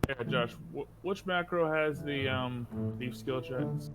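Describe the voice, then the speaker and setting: A man playing a tabletop game, quiet and unhurried. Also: medium pitch, over music. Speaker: player. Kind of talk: casual tabletop play.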